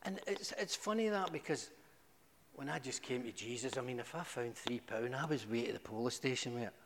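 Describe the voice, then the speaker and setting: A man's voice: fairly quick, a little hiss or hum. Man, middle-aged, humorous church testimony, echoey hall. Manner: animated, humorous storytelling with sudden high exclamations. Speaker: church speaker giving testimony. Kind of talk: storytelling testimony.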